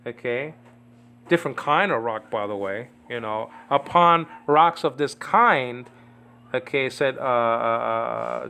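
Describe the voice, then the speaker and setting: A man's voice: mid-range voice, a bit bright, clean tone. A man teaching Greek letters at home in a casual, rambling way, often checking in with "okay?". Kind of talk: informal home video lesson.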